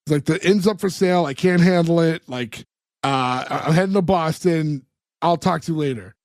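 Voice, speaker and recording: A man talks through a sitcom episode scene by scene, slipping into the characters' lines as he tells it. His voice sits a little high for a man and has a lively storyteller's lift. The sound is dry and close, with no room around it. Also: moderate pace, dry recording. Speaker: podcast co-host. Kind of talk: casual chat recapping a sitcom episode.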